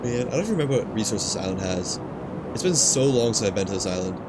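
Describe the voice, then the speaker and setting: A man with a fairly low voice talks half to himself as he plays, laid-back and a little distracted, with hiccups. Game ambience and a humming engine sit clearly behind him. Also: animated, fast talker. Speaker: streamer. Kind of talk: casual gameplay commentary. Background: game ambience and engine noise.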